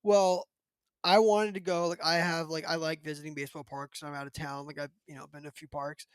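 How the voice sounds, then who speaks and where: Hosting a laid-back podcast, this thirtyish man meanders through a tale full of fillers and lively side comments. His high voice is clear and resonant, and he talks briskly. The audio is close-miked and dry, free of any room sound.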